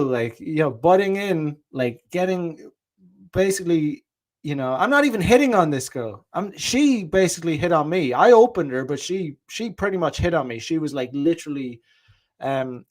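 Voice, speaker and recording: A man telling a story in a casual monologue, rambling and profane, with an indignant edge and frequent restarts. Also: a little high. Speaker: vlogger.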